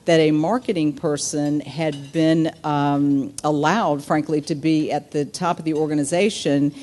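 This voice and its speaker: Woman, Southern accent, fifties, keynote speaker, low mellow voice, chatty storytelling. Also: fairly even intonation, measured pace. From Southern United States. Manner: storytelling with many fillers and asides. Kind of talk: speech to a business audience.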